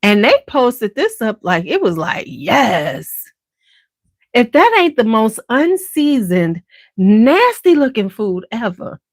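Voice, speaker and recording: A sassy woman with a Chicago accent chats casually to her viewers, her pitch leaping up and down with big expression. She talks slowly and takes her time. The recording is dry and close, with no room sound. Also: no room sound. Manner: animated, sassy, swings into high exaggerated quotes. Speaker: beauty channel host. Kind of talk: casual chat to camera.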